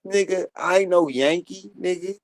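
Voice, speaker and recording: High voiced guy cussing and arguing back, dry close mic. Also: normal speed, no echo. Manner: argumentative, profane retorts. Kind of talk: casual chat.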